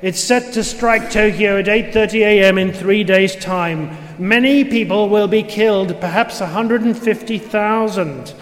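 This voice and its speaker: A man voicing a giant, imposing male frog who speaks slowly, formally and courteously, in a room with a long echo. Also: high voice. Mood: grave. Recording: roomy with long reverb, faint noise.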